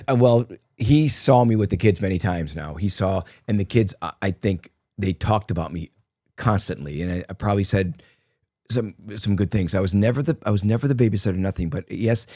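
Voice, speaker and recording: Low-voiced older man telling rambling stories. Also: lively intonation, normal speed, a little mellow, no echo, clean studio sound. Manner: rambling anecdotes with many restarts and quoted dialogue. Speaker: interview guest. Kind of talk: casual storytelling interview.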